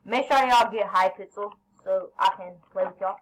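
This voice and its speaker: A woman commentating her own gameplay, excitable, yelling at teammates and then apologizing. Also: mid-range voice, moderate pace, few pauses, low-quality recording. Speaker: gaming channel host.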